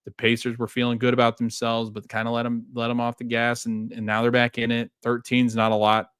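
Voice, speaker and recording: A man's voice: mid-range voice, completely flat delivery, a little fast, a bit bright, smooth, dry recording, studio quality. A man hosting a sports fan show, talking casually and rambling through a game recap with many restarts. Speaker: podcast host.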